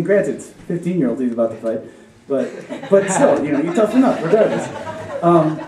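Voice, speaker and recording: A young man from Chicago telling a story at a live story slam, rambling and profane, laughing as he goes. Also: high voice. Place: live venue with an audience. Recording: roomy live recording from far off.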